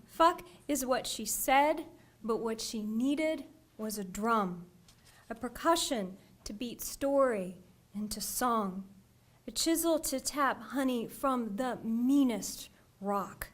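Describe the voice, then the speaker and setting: A woman poet reads her work aloud at an unhurried, lingering pace. Her voice sits a little high, and she lets the ends of her phrases sink into a soft, breathy near-whisper. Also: expressive. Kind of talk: poetry reading.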